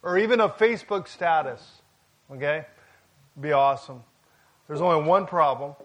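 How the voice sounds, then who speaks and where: A man's voice: on the high side, lively intonation, moderate pace, long pauses. A man preaching a sermon in a casual, conversational way, with jokes and asides to the congregation. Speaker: pastor.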